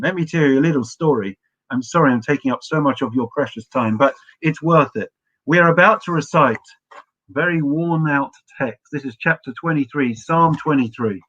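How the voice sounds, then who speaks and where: A man preaches with a bright, slightly high voice, telling a story with halting restarts. The sound is dull and lo-fi, like an online stream. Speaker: rabbi. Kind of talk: sermon with storytelling.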